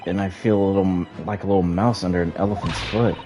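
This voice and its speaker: A man's voice: deep voice, steady tone, quick pace, close to an everyday voice. A man voicing a nervous young Japanese law student who talks hesitantly. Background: game music.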